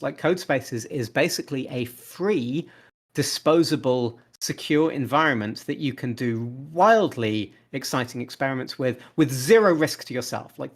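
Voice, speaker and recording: A man speaking as a podcast guest, talking enthusiastically and often repeating words as he restarts sentences. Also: medium pitch. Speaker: podcast guest, open source developer. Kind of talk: casual interview talk.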